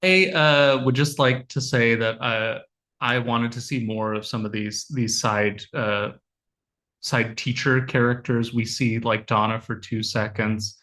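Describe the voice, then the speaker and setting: A man's voice: medium pitch, steady tone, a little slow, fairly bright tone. A man with a mid-range voice joins a casual podcast conversation. He circles around his ideas with restarts and filler sounds, chuckling along the way. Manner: hesitant, many restarts, laughs while talking.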